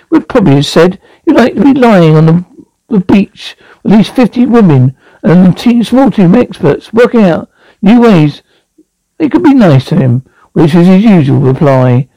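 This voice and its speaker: A man's voice: high voice, creaky, warm tone, no room sound, low-quality recording. A man reading a novel aloud as an amateur audiobook, often stumbling and repeating words. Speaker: reader.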